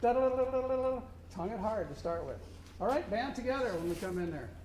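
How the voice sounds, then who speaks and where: A man's voice: sits high, big pitch swings, fast, darkish tone. A man working as a contest judge, coaching a student band and singing rhythms aloud to show them. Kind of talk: instructional clinic to a student band. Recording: echoey room with faint noise.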